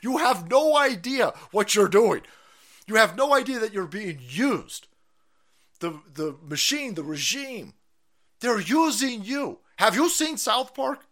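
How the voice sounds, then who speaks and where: A man hosting a stream, ranting in profane political commentary with mocking asides and sudden shouts. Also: high-pitched, expressive, takes it slowly. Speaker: streamer host.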